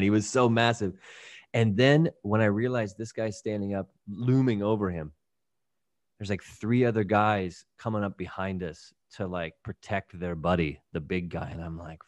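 Male podcast host, casual animated storyteller, does quick voices, dry booth sound. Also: on the low side, no echo.

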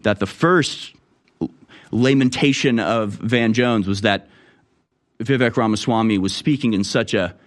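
A man's voice: fairly low pitch, measured pace. A man delivering a political commentary monologue in a sarcastic, mocking way. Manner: sarcastic, mocking impressions in raised voice.

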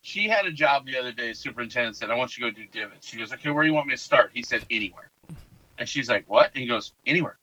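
A man's voice: mid-range voice, fast talker, dull audio. A man chatting casually, telling stories and acting out what people said to him. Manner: storytelling, animated quotes. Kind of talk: casual podcast chat.

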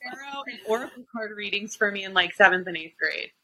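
A young woman hosts a podcast with a bright, crisp voice. She speaks in a thoughtful, earnest way and draws her guest out with follow-up questions. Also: mid-range voice, lively intonation, fairly quick, low-quality recording. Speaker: podcast host. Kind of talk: casual chat.

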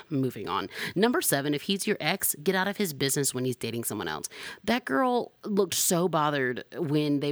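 A young woman hosting a podcast in casual chat, sassy and animated, jumping to high exclamations. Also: dry recording. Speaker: podcast host.

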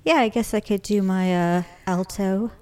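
A woman's voice: medium pitch, fairly even intonation, moderate pace, warm tone. A woman co-hosting a comedy podcast who makes blunt, wisecracking asides. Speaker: podcast co-host. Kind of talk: casual comedic chat.

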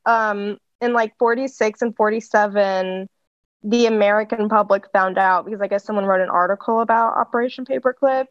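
A woman co-hosts a casual podcast with a deadpan, wry manner and dark jokes. Her voice sits at a middle pitch. It comes through a slightly dull, lo-fi mic with no room sound. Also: a little fast, no room sound. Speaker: podcast co-host. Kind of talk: casual chat.

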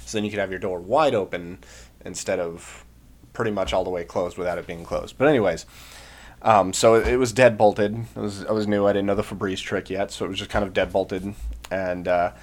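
A young man telling a long story in casual chat, rambling with many fillers and acting out shouted lines. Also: low voice, steady tone, a little fast. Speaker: podcast co-host, Marine veteran.

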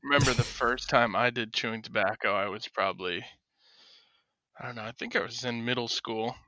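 A man in casual chat, telling a story in a relaxed, self-deprecating way. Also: mid-range voice, fairly quick, no room sound.

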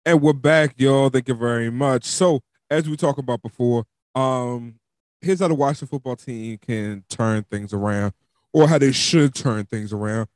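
The recording is dry and studio quality, and this podcast host speaks at normal speed in a slightly mellow voice. Loose and chatty on his casual sports show, he laughs and leans on "um" and "like" as a dog squeaks a toy nearby.

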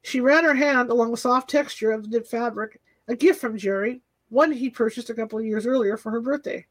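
A woman reading a novel aloud as an audiobook narrator, steady and even. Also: fairly high pitch, fairly quick, rough recording. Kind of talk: scripted narration.

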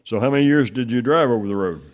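A man's voice: medium pitch, fast. A man hosting a casual interview, who backs his guest with short yeahs and amens. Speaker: host.

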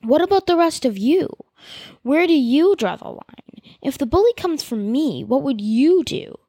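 A woman's voice: fairly high pitch, animated, measured pace, darkish tone, husky, dry recording, heavily acted. A woman voicing a defiant young woman villager, heated and pleading. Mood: angry.

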